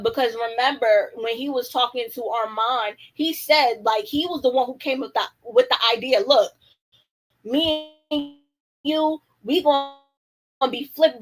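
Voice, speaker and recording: A young woman hosts a casual livestream, reacting to viewer comments in slang and speaking candidly with strong opinions. Her voice is on the high side, and the audio is poor.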